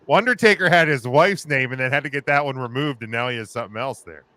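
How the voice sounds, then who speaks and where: A man's voice: mid-range voice, quick pace, sharp tone, no room sound. A man hosting a casual podcast chat, hesitant and joking, with many fillers and restarts.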